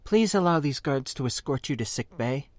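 A man voicing a brisk, dutiful female ship security guard. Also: mid-range voice, expressive, darkish tone, no echo, pitched above the performer's own voice, natural voice.

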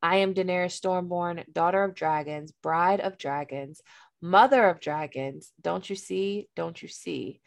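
A woman voicing a young, fearless dragon queen as she reads a novel aloud, in a soft, quiet delivery. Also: fairly low pitch, a little slow, gravelly, dry recording. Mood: softly defiant.

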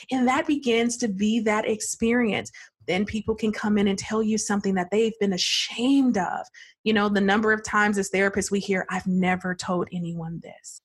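A woman's voice: mid-range voice, moderate pace, breathy edge. A woman therapist talking in a conversation, telling stories expressively and acting out what her clients say, with frequent laughs. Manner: expressive storyteller, acts out client voices, laughs often. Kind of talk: podcast conversation.

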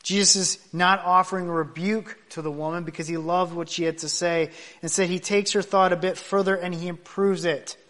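A man preaching a sermon, building to loud emphatic points and dropping soft at the ends of thoughts. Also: sits high, fairly even intonation, fairly quick, few pauses. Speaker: pastor.

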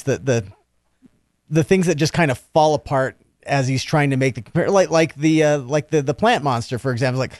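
A man co-hosting a casual book discussion podcast, talking in halting bursts with frequent restarts. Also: fairly high pitch, no echo, clean studio sound. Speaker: podcast co-host.

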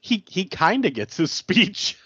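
A podcast co-host retelling a movie plot in a casual, animated way, often acting out the characters' lines. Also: mid-range voice, a little slow, slightly rough, no room sound, dull audio.

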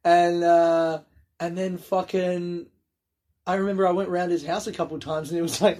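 A man's voice: high voice, little pitch movement, moderate pace, a little mellow. A man, telling rambling, sweary stories on his own and laughing at his own jokes. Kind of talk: casual solo storytelling.

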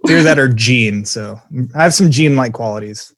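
A man's voice: medium pitch, normal speed, a bit bright, dry recording, clean studio sound. A man hosting a casual podcast chat, joking and often restarting his sentences. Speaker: podcast host.

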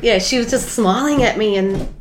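An Australian woman co-hosting a podcast in casual chat, talking excitedly with her words running together. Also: on the high side, normal speed, echoey room, slight background noise. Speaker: podcast co-host.

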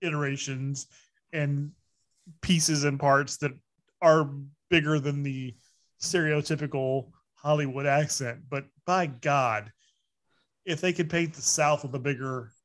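A man's voice: fairly high pitch, fairly even intonation, no echo. A man from the American South in a joking casual chat. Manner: jokey, quick with impressions.

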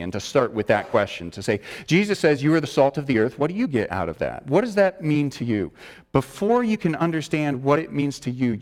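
A male pastor delivers a sermon at a mid-range pitch, leaning hard on key words and doubling back to restate them. His voice rings out through a church sanctuary, carried by a long hall reverb. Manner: emphatic, repeats words for stress, frequent restarts.

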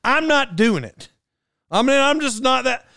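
A young man telling a casual story, talking fast and animatedly, cutting himself off and drifting into side notes. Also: extremely high pitch, no echo, clean studio sound. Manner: animated, self-interrupting. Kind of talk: casual anecdote monologue.

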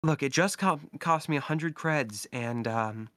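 A man's voice: mid-range voice, unhurried, pushed and bright, dry recording, clean studio sound, pitched above the performer's own voice. A man voicing a gullible male believer who whispers conspiratorially about a cult and shows off a protective charm. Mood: eager. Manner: eager, conspiratorial.

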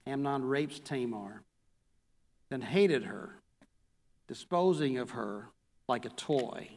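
A man preaching a sermon, reading a scripture passage aloud and then reviewing it slowly as a pastor. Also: medium pitch, expressive, darkish tone. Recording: long hall reverb.

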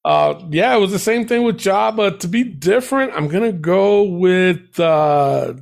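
A man, talking in a loose, rambling way and breaking into laughter as he hosts. His voice sits a bit higher than most men's. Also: unhurried, creaky. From New York. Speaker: podcast host. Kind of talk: casual chat.

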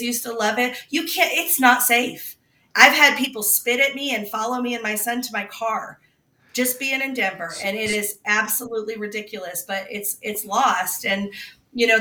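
A woman with a bright, forceful voice speaks casually as a guest reporter, rambling with restarts and quick laughs. She sits at a distance from the mic in an echoey room. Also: mid-range voice. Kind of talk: casual political talk.

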